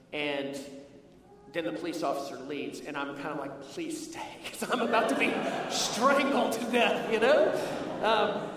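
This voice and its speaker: High-voiced man preaching in echoey hall. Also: fairly bright tone, far from the mic, slight background noise. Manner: storytelling, earnest, slows for emphasis. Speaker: pastor. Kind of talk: sermon.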